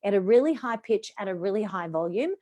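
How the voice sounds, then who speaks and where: A woman with an Australian accent, a voice and presentation coach leading a live online workshop, reading out questions and answering them with lively, varied inflection. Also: medium pitch, a little fast.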